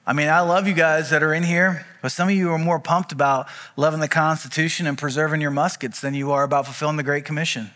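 A man preaching a sermon as pastor, telling stories in a conversational way with quick asides. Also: fairly high pitch, steady tone, pushed and bright, big-room sound. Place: church auditorium.

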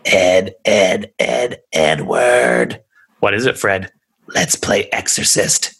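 A man's voice: fairly low pitch, creaky, a bit bright, husky, full character voice. Man doing a whispery hateful demon voice. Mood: menacing. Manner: slow, hateful, threatening. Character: demon voice speaking through a young girl, menacing.

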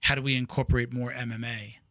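A man's voice: mid-range voice, level tone, fast talker, pushed and bright, no echo, studio quality. A man hosting a podcast in casual chat, talking loosely with lots of restarts and fillers. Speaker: podcast host.

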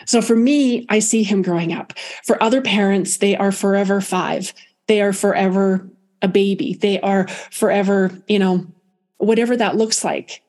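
A woman medium telling a personal story in a soft, reflective way, with many pauses and restarts. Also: medium pitch, fairly even intonation. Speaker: guest medium.

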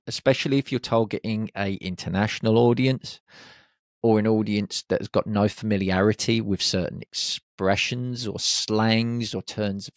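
A man's voice: on the low side, no room sound, clean studio sound. A man hosting a podcast, talking listeners through confidence in an upbeat, encouraging way with jokey asides. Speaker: podcast host. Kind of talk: motivational podcast monologue.

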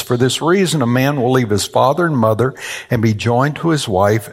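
A man in his sixties, a longtime minister, preaching a sermon in church with a folksy, joking storyteller's manner. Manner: folksy, joking storyteller with high-pitched voices for quoted people. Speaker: pastor. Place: church sanctuary.

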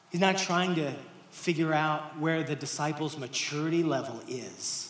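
Preaching at normal speed in a fairly high voice, a pastor addresses his congregation directly and conversationally. He alternates hushed near-whispers with louder, emphatic lines, recorded in a roomy hall with faint ambience and slight background noise.

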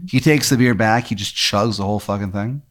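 A man's voice: fairly low pitch, fairly quick. A man hosting a podcast, telling an improvised, rambling scenario to his guest and swearing casually as he goes. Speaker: podcast host. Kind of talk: improvised storytelling.

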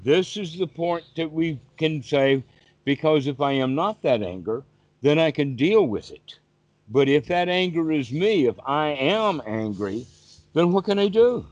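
A man's voice: a little high, animated, measured pace, a little mellow, no echo. Man teaching over dull call audio. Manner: patient, repetitive explaining. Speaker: meditation teacher. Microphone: video call.

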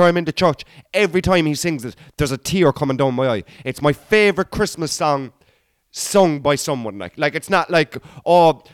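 Cork guy in his 30s rambling through stories on his podcast, bit high voice, dry close mic. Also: clean tone, no room sound. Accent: Cork, Irish. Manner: rambling, chatty, addresses listeners as guys and boy. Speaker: comedian podcast host. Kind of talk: casual storytelling monologue.

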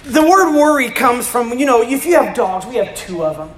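A man in his fifties preaching a sermon as a pastor, animated, with joking asides and rising to emphatic shouts. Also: very high voice, moderate pace. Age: 50s. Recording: roomy echo.

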